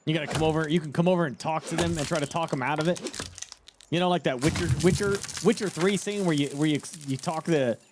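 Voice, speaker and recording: A man's voice: fairly high pitch, fast, noisy background. A man streaming a game live, chatting loosely with his chat, swearing and riffing on ideas as he plays. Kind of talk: casual live-stream chat while gaming.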